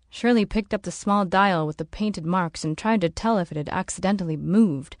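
Casual: woman reading a novel aloud, steady, dry sound. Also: fairly low pitch, normal speed, few pauses, no room sound. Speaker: narrator. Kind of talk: audiobook narration.

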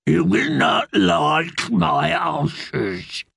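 A man voicing an ancient, toothless, malicious witch with a croaking, terrible deep voice, speaking slowly and with menace. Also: sing-song, fairly bright tone, dry recording, clean studio sound, full character voice. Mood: menacing. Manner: slow, menacing, drawn-out.

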